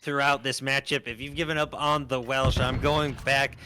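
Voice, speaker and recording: A Midwestern American man calling live esports play-by-play with energetic score calls, his voice a little sore. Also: medium pitch, moderate pace, noisy background. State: voice sore from long commentating. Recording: gunfire and game sounds over the voice. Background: game gunfire.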